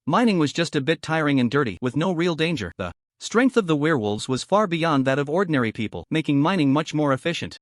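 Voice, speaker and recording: Lively, higher-pitched male story narrator. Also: fast talker, few pauses, no room sound, clean studio sound. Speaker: recap narrator. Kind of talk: scripted narration.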